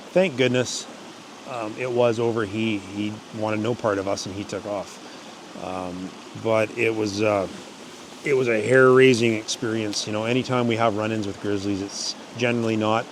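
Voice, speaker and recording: A man's voice: lowish voice, moderate pace, background noise. A man hosting his channel, casually telling hunting stories, rambling with restarts. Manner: rambling, restarts, animated yells in quoted parts. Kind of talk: casual storytelling to camera.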